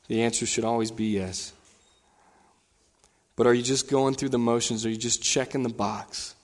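A male pastor delivering a sermon in a church sanctuary, with a voice of middle pitch. He preaches with animation, swelling higher and louder when he retells a scene. A long reverb trails each phrase. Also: fairly even intonation, moderate pace.

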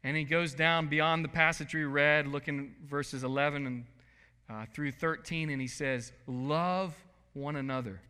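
A man preaching a sermon as pastor, swinging from soft, quiet lines to loud bursts. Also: on the high side, steady tone, unhurried, clear, resonant tone. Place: church sanctuary. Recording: long hall reverb.

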